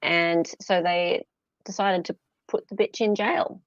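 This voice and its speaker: A woman's voice: on the low side, steady tone, takes it slowly, no room sound. An Australian woman co-hosting a casual live stream, chatty and fond of tag questions. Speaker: co-host streamer. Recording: dull lo-fi stream audio.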